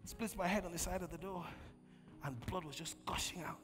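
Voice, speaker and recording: High lively preacher in a big hall. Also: male voice, brisk. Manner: preaching with call-and-response, swinging from loud bursts to quiet storytelling. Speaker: pastor. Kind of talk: sermon. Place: large church hall. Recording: long church hall reverb, faint music.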